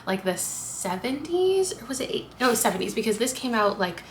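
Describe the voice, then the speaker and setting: A young adult woman chatting casually as a book vlogger, animated and quick with asides, laughing often. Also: on the high side, a little hiss or hum. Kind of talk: casual chat.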